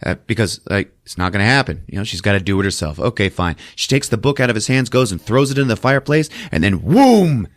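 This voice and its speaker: A man hosting a podcast, recapping a film in a casual, profane, animated storytelling manner. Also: fairly low pitch, fast, hardly any pauses, no room sound. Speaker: podcast host.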